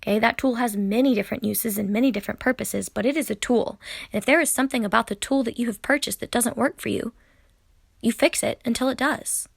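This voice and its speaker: A woman's voice: fairly high pitch, fast, creaky, no room sound, studio quality. A young woman in a ranting vlog, speaking straight to the camera in an exasperated, indignant way. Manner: exasperated, indignant, direct address. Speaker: tarot YouTuber.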